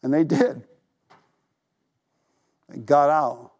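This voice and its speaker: A male pastor preaching a sermon, telling stories animatedly, acting out the voices he quotes and dropping to a hush for emphasis. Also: a little high, steady tone, extremely slow. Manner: drops to a hushed voice for emphasis.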